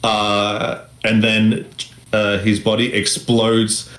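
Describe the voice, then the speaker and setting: A young man running a tabletop game, talking slowly and pausing on filler sounds. His voice sits a little low and rings in a roomy, echoing space. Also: monotone, fairly bright tone. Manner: halting, with frequent uh fillers. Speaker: game master. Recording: roomy echo.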